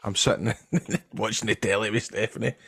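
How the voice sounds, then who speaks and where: A man's voice: fairly low pitch, steady tone, moderate pace, vocal fry, a bit bright, husky, no room sound. Scottish bloke chatting on a podcast, keeps saying man, dry mic. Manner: chatty, says "man" a lot. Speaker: podcast guest. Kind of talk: casual chat.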